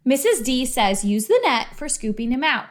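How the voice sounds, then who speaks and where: A woman doing a shrill, excitable little boy. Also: moderate pace. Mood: upset. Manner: cries out in high, shrill bursts. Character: excitable young boy, fussy about his pet.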